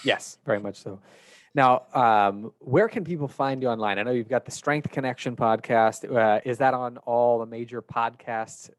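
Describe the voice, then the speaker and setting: A man's voice: medium pitch, moderate pace, no room sound. Guy hosting a podcast, chatty, laughs at his own jokes, mid voice, super dry sound. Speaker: podcast host. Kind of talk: casual interview chat.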